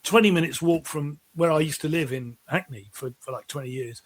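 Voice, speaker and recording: A middle-aged man with a fairly high voice, guesting on an interview show. He tells long, animated stories and keeps restarting his sentences. His delivery is casual and chatty. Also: a little fast. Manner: animated, rambling anecdotes with frequent restarts. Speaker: musician guest.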